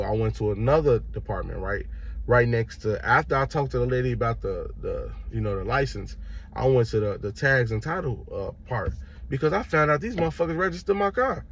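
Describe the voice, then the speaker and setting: A man's voice: mid-range voice, a little hiss or hum. A young man from Chicago casually telling a story to his viewers, acting out the people in it. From Chicago, Illinois. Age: young adult. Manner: animated retelling, acts out other voices. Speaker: vlogger.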